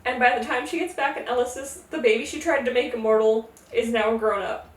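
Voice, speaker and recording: A woman hosting a casual, jokey retelling of a myth, slipping into quick character voices. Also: a little high, fairly even intonation, roomy sound, far from the mic. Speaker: podcast host. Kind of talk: casual tipsy mythology retelling.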